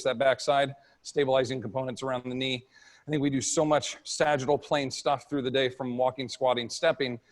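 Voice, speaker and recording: A man with a mid-range voice talks casually through a fitness workshop session and fields audience questions. A long reverb trails behind his words, as in a large hall. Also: mid-range voice. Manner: casual, conversational. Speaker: presenter at a fitness summit. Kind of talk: live workshop talk and Q&A.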